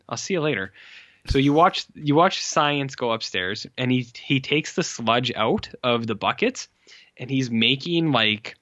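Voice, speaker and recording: A man casually retells a horror movie's plot, stuffing his sentences with fillers and jumping into quick impressions of the characters. His voice sits at a middling pitch. The recording is dry and a bit dull, like a home podcast mic. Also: a bit bright, dry recording. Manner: rambling, heavy "like" fillers, acts out characters' lines. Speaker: podcast co-host.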